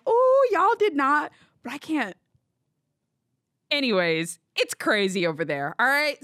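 Animated young woman chatting, lively pitch. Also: dry recording, clean studio sound. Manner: animated, swearing, laughing storyteller. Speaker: podcast host. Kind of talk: casual chat.

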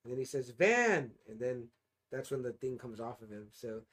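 A man co-hosting a casual comics review, reading passages aloud and reacting with animated, profane enthusiasm. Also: mid-range voice, a little fast. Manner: animated, swears freely, often says "you know what I mean". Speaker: podcast co-host reviewing comics.

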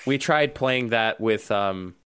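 A man's voice: lowish voice, slow pace, fairly bright tone, smooth. A young man co-hosting a podcast, chatting in a playful, jokey way. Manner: playful, laughs often. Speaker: podcast co-host. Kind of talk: casual chat.

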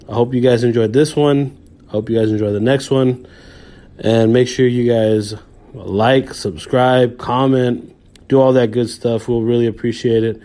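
A young man, a podcast host, recounting an awkward errand in casual chat. His voice is mellow and dark, set close and dry, and he laughs through his lines and swears freely. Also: mid-range voice, dry recording.

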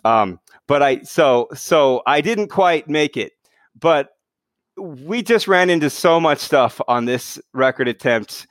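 A man's voice: on the high side, animated, slow, fairly bright tone, no room sound. A middle-aged man talking casually as an interview guest, hesitant, with many fillers and restarts. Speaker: guest, mountain speed record holder.

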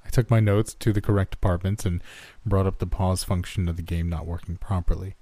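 A man reads a horror story aloud in the first person at a steady pace. His voice is low and very dark, and the recording is dry and close with no room sound. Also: brisk, no room sound. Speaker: narrator. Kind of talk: scripted horror story narration.

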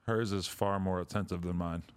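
A man's voice: sits low, steady tone, normal speed, clean tone. A young man hosting a podcast interview, joking bluntly and profanely in casual banter.

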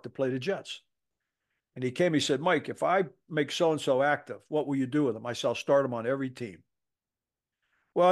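A man in his seventies, a football coach, telling a story on a podcast, acting out the quoted voices with salty language. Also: a little high. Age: 70s.

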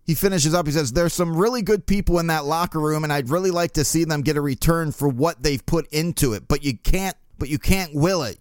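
A man's voice: fairly high pitch, no room sound, studio quality. A young man hosting a casual sports talk podcast, rambling in a sarcastic, exasperated way. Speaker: podcast host.

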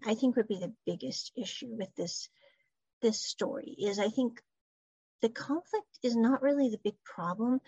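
Woman talking thru a show episode, kinda high voice, dull dry sound. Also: dry recording. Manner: chatty storytelling, quoting characters in her own voice. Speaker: show recapper. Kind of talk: casual episode recap.

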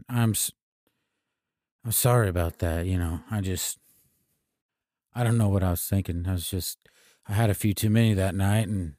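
A man playing a sheepish, hard-drinking male country singer who mumbles and hesitates in a soft, low drawl during an improvised comedy scene. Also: no room sound, studio quality, lightly acted.

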